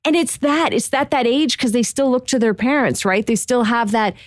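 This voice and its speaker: A woman's voice: a little high, normal speed, dry recording, clean studio sound. A middle-aged woman co-hosting a podcast, earnest and emotional in casual chat. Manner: earnest and emotional, laughs easily. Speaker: podcast co-host.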